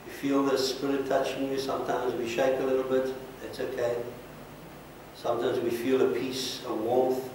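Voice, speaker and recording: A man's voice: medium pitch, monotone, moderate pace, darkish tone. A man in the role of pastor leads an altar call, earnest and pleading as he repeats short blessings. His voice is heard from a distance in a very echoey church sanctuary, with faint room noise underneath.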